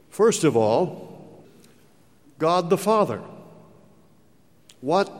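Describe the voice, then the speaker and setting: A man preaching a sermon, slow and emphatic, with big dramatic rises and falls in his voice. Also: mid-range voice. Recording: long hall reverb.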